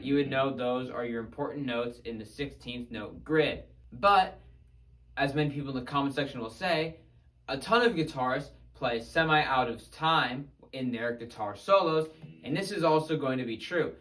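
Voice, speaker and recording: A man's voice: medium pitch, moderate pace, a bit bright, rough recording. A man with a mid-range voice teaches guitar soloing in an upbeat, conversational way. He explains ideas directly to the viewer. Faint guitar music plays behind him. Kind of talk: instructional video narration.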